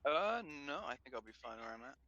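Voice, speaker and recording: A man's voice: mid-range voice, sing-song, fast, pushed and bright. A man playing in a tabletop game, talking in a laid-back, offhand way. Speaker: player. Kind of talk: casual tabletop game talk. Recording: dull, muffled mic.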